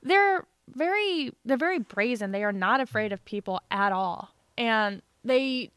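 A woman's voice: fairly high pitch, animated, unhurried, fairly bright tone, clear, resonant tone, no echo. A young woman co-hosting a casual podcast, joking bluntly and giggling. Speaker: podcast co-host. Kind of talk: casual chat.

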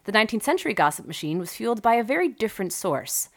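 A woman hosting a podcast, telling a history story in a lively, wry way with joking asides. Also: medium pitch, fast. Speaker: podcast host.

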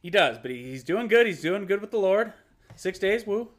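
A man's voice: high voice, expressive, moderate pace, voice pushed up. A man voicing a newly sober, churchy man who rambles and talks about himself in the third person. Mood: preachy.

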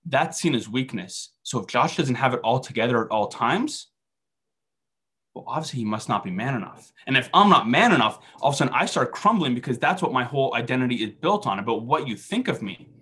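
A man's voice: medium pitch, animated, a little fast, bright, forceful tone, breathy edge. A man giving a conversational faith talk, telling self-deprecating stories and asking rhetorical questions. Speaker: speaker at a faith meeting.

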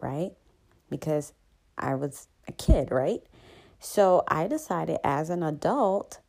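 A woman hosting a calm, reflective self-help talk, soothing and conversational, often adding "right?" to her points. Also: low voice, creaky. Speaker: host.

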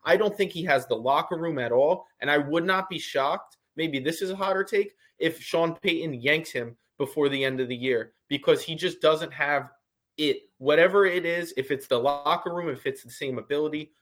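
A man co-hosting a sports podcast, talking in a relaxed, conversational way and giving firm opinions. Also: fairly high pitch. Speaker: podcast co-host. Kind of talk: casual sports podcast chat.

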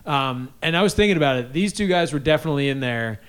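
A man's voice: on the high side, lively intonation, fast talker, fairly bright tone, clean tone. Joking young man telling a story. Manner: storytelling, laughing at own jokes, acts out quotes. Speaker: podcast co-host. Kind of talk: casual chat.

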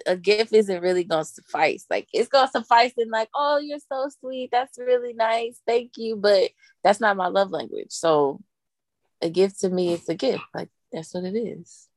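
A woman's voice: mid-range voice, measured pace, no echo, studio quality. A woman co-hosting a podcast, talking casually and expressively, repeating her point and laughing easily. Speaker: podcast co-host. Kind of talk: casual chat.

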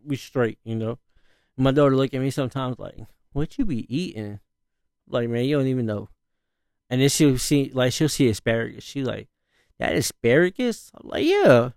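A man's voice: medium pitch, steady tone, brisk, vocal fry, a little mellow, smooth, dry recording, studio quality. A man in his thirties, a father, rambling through a casual story, full of fillers and slang. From northern US. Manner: laid-back, rambling, frequent fillers and slang, laughs often.

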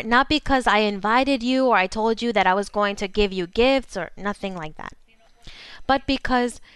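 Fervent woman preacher, smooth voice. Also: fairly high pitch, no echo. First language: Spanish. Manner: fervent preaching, slows for emphasis. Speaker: pastor. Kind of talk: sermon.

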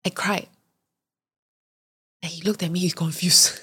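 Her lowish voice is steady, unhurried, sharp in tone and slightly rough. The young woman hosts a podcast, chattily telling a frank, confessional story and often performing her own reactions.

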